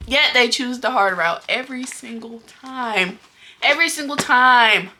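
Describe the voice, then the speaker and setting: A woman's voice: a little high, unhurried, pushed and bright, slight background noise. A young woman book vlogger talking casually to her viewers, venting in exasperation with repeated exclamations. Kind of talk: casual vlog talk to camera.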